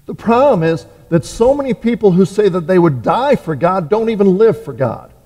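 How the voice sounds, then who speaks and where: A man's voice: sits high, lively intonation, moderate pace, mellow. A man preaching a conversational sermon, full of fillers, restarts and rhetorical questions. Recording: reverberant hall.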